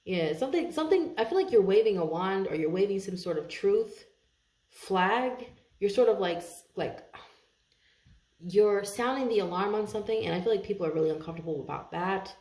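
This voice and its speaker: A woman giving a casual tarot reading to her viewers, chatty, laughing often and thinking aloud with many pauses and restarts. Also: medium pitch, animated, a little mellow. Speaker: tarot reader. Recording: roomy echo.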